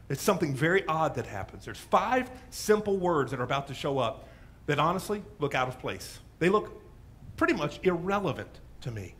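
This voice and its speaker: Brief: dramatic preacher man, high and very lively voice, loud then hushed. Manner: animated storyteller, dropping to hushes. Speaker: pastor. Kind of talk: sermon. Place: church.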